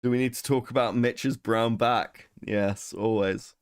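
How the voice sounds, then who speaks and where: A man's voice: medium pitch, steady tone, measured pace, clear, resonant tone, no room sound, studio quality. A young man chatting casually on a livestream, joking and swearing as he reads chat. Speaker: streamer co-host.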